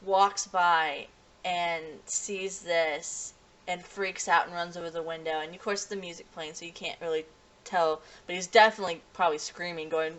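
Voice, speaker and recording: A woman recaps and reviews an anime episode in a loose, conversational way. Her voice sits a little low for a woman, and she talks in a rambling stream, often restarting and leaning on "you know" as she goes. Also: fairly even intonation, moderate pace, a bit bright. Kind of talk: casual spoken review.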